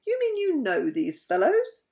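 A woman's voice: fairly high pitch, very animated, a little slow, voice pushed up. A woman voicing a formal, dismissive male castle guard. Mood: surprised.

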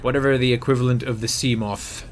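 Speaking fast at a medium pitch, this young man is heard with a slight hiss or hum on the recording. His let's-play talk is loose and jokey, full of excited muttering and panicked yelps while he plays.

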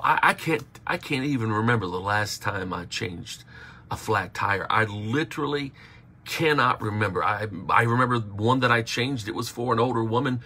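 Male pastor, livestream sermon, husky gravelly voice, punchy call-and-response preaching. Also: mid-range voice, bright, forceful tone. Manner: preaching with repeated phrases and calls for audience response.

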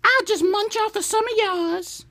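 Breezy falsetto wife, as a man imitates her; light and carefree. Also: measured pace, pushed and bright, dry recording, studio quality, heavily acted. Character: wife who orders salad, then eats his food.

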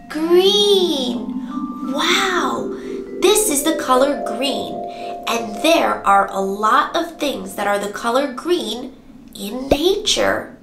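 A young woman teaching toddlers in a bright, high voice, drawing out every word in a slow sing-song. Her voice rings in an echoey room, with clear music playing behind her. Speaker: preschool teacher. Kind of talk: children's circle time lesson with songs.

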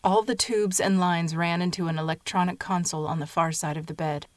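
A woman narrating a short story in a measured, even storytelling manner. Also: on the low side, dry recording.

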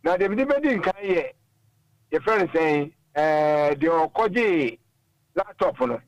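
A man's voice: a little high, animated, slow, no room sound, muffled recording. A man calling in to a radio talk show, giving earnest, moralizing opinions. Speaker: caller. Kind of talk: call-in radio chat.

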